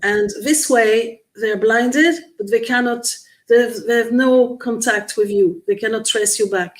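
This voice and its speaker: A woman's voice: fairly high pitch, unhurried, poor audio. A woman guest in a conversational interview, explaining earnestly while searching for words with frequent restarts. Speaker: guest experiencer.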